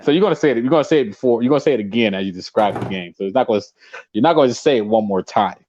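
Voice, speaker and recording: A playful young man ribs his co-host on a casual sports podcast, his pitch bouncing up and down. The sound is a bit dull and lo-fi. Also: animated, very fast, darkish tone, slight background noise. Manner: teasing, playful, laughs often.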